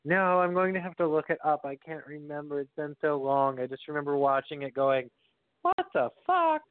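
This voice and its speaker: A man's voice: on the high side, level tone, brisk, clean tone, no echo. A man co-hosting a podcast in casual chat, telling loose stories and laughing often. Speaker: podcast co-host. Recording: dry, tinny phone-like audio.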